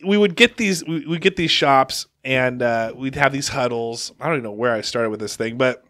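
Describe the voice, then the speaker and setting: A man's voice: medium pitch, moderate pace, dry recording, studio quality. A middle-aged man co-hosting a podcast, telling stories in casual chat and laughing often. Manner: animated storytelling, laughs often. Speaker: podcast co-host.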